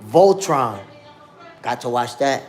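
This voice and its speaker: A man's voice: medium pitch, lively intonation, slow pace, faint music behind. A man in his fifties hosting a live stream, chatting casually in slang and reminiscing as he reads out the chat. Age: 50s. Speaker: boxing podcast host.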